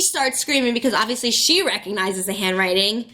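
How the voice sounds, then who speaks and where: A young woman tells a story to her camera in casual vlog style. She sounds chatty and excitable, and her speech is full of fillers. Her voice sits at a middle pitch. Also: brisk, few pauses. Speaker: vlogger.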